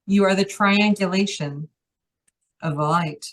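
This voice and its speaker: A woman in a trance-channeling session, speaking for a collective as "we" with a playful, teasing, unhurried delivery. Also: medium pitch. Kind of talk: channeled spiritual message.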